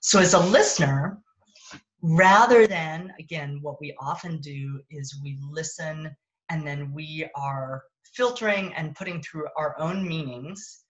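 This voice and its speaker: A woman with a low voice gives a casual parenting talk over a phone mic. She thinks out loud, stops to rephrase, and keeps a relaxed, conversational flow. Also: unhurried, dull audio. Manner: conversational, thinks aloud and corrects herself. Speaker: parenting coach. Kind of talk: casual teaching talk on a live stream.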